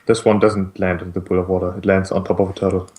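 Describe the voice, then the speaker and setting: A young man runs a tabletop game in a lowish voice. He narrates in a relaxed, matter-of-fact way and restarts his sentences now and then. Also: fast talker. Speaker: game master.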